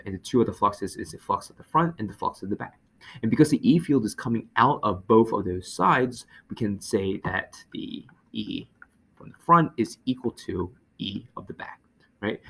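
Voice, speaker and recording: A man teaching physics, working through a problem aloud with many fillers and quick self-corrections. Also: on the low side, vocal fry. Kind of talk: lecture over a whiteboard.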